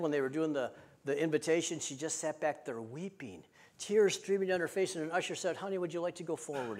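Man preaching in swells and hushes. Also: fairly high pitch. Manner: swings between loud emphatic and hushed, intimate delivery; repetitive, rhythmic preaching cadence. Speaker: pastor. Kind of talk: sermon.

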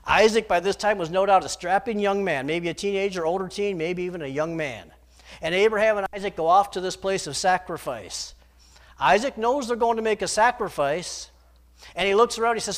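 A man preaching a sermon in a dramatic, emphatic manner, swinging between loud declarations and hushed storytelling. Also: high-pitched, a little fast.

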